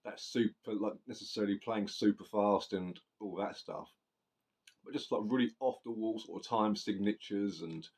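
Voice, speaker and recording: Deep-voiced man, casual album review, rambling, sweary, self-correcting. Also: a little mellow.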